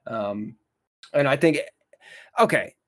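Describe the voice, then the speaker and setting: A mid-pitched man chatting on a podcast, retelling scenes loosely with lots of fillers and quick laughs. His voice sits close and dry with no room sound. The talk is relaxed and conversational. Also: dry recording. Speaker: podcast co-host. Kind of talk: casual movie-review chat.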